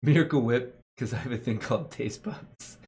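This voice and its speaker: A young man hosting a live stream chats casually with his viewers, reading comments aloud. He jokes constantly and slips into slang. His voice sits at an ordinary middle pitch. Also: normal speed, a little mellow. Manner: jokey, laughs often, slangy banter. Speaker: stock market livestream host.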